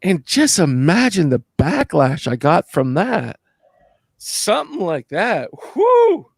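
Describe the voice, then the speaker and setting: A young man chats as co-host, tripping over repeated words as he builds mock-outraged points. His voice has a gravelly edge. The sound is dry and close. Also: fairly high pitch, sing-song, slow pace, no echo. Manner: stammering restarts, mock-indignant. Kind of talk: casual podcast chat.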